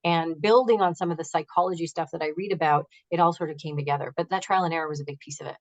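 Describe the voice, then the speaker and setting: A fast-talking woman with a somewhat low voice, speaking as a negotiation coach in an interview. She gives advice emphatically and acts out her clients' words. She is heard over a video call. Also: poor audio. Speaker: negotiation expert and author, guest.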